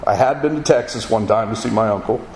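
A man's voice: lowish voice, fast talker. Middle-aged Florida man, folksy yarn-spinner, roomy echo with faint hiss behind. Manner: folksy, animated storytelling with acted-out quotes. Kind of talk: casual spoken memoir. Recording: echoey room with faint ambient noise.

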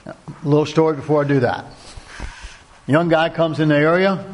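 A man's voice: fairly high pitch, brisk, slight background noise. A man giving an earnest, sermon-like talk to a Christian men's group, repeating key phrases and asking direct questions. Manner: asks the audience direct questions. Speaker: Christian men's ministry speaker.

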